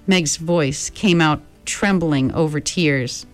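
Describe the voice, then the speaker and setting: A woman reading a story aloud in a calm, measured narrating voice. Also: low voice, soft background music. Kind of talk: audiobook narration.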